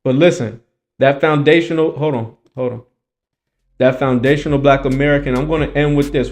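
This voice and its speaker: A man's voice: mid-range voice, fairly even intonation, moderate pace, soft background music. A man hosting a reaction commentary, talking in an emphatic, preachy, repetitive way. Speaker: commentary host.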